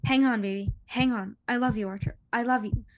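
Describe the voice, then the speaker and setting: A woman's voice: on the high side, steady tone, fairly quick, natural voice. Young woman begging her dying love to hang on, desperate, a lady reading it. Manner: pleading.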